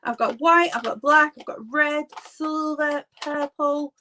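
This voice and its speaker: Here a high-pitched, sharp-toned woman speaks unhurriedly over a slight hiss or hum. She is a Yorkshire makeup artist in her thirties, chatting on a live stream and rambling along with lots of "like."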